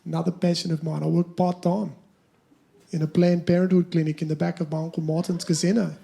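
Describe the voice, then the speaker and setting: A man's voice: on the high side, little pitch movement, a little fast, gravelly, warm tone. A man playing a boastful, self-satisfied South African rocket scientist with a South African accent. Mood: smug. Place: theatre stage.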